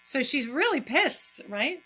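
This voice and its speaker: A woman's voice: high voice, big pitch swings, takes it slowly, pushed and bright. A woman, a guest actress, chatting effusively in a live-streamed Q&A, with many fillers.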